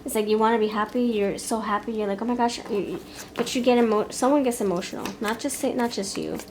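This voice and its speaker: A woman's voice: on the high side, quick pace, a little mellow, slight background noise, poor audio. A woman giving a pick-a-card tarot reading, thinking aloud in a rambling, frank way with many fillers and restarts. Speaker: tarot reader.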